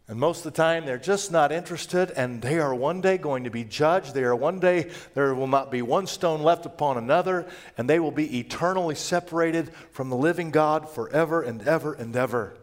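A man preaching a sermon, moving between loud, emphatic passages and hushed, quiet ones. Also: on the high side. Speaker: pastor.

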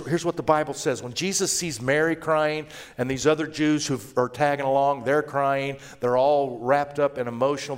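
A male pastor preaching a sermon in an emphatic, conversational manner that swells into loud declarations. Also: medium pitch.

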